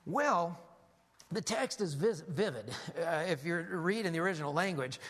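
A man preaching a sermon as a lively story, animated, with frequent restarts. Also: fairly high pitch, moderate pace.

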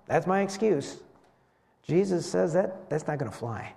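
A man preaching a sermon as pastor, animated and slowing down to stress key words. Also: high-pitched, vocal fry. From West Michigan. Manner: animated preaching, slows for emphasis. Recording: long hall reverb.

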